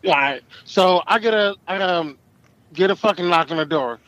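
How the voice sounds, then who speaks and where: A middle-aged man, a truck driver, telling stories casually, profane and animated, acting out the people in them. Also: high voice, moderate pace, dry recording, lo-fi sound. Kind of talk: casual podcast storytelling.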